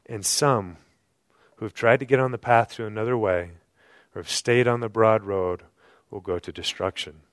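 A man preaching a sermon at a night church service, asking the room rhetorical questions and swinging from loud emphasis down to hushed low tones. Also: dry recording, studio quality. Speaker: pastor.

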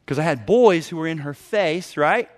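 Animated middle-aged male preacher, fairly high. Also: normal speed. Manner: animated preaching, acting out people's voices with sudden loud bursts. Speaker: pastor. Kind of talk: sermon.

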